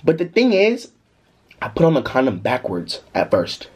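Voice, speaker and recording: A young man telling a story casually in a vlog, animated and slangy, breaking into laughter. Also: on the high side, normal speed, slightly rough. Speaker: vlogger.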